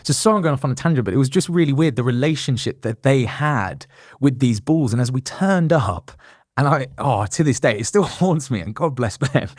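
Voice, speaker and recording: A man's voice: medium pitch, darkish tone, no room sound, studio quality. A young man, a guest on a podcast, telling a long anecdote with laughs and apologetic asides. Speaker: guest, endurance athlete. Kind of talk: animated storytelling in a podcast interview.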